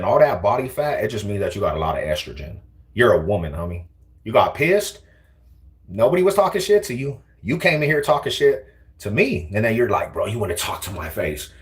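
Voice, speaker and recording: A young man trash-talking viewers on a casual livestream from a car, taunting and slangy. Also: fairly low pitch.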